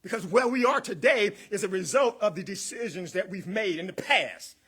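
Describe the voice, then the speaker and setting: A man's voice: high-pitched, lively intonation, normal speed, bright, forceful tone, breathy edge. A man preaching a rousing sermon as guest minister, repeating words, building in waves, calling out to the congregation and chuckling between points.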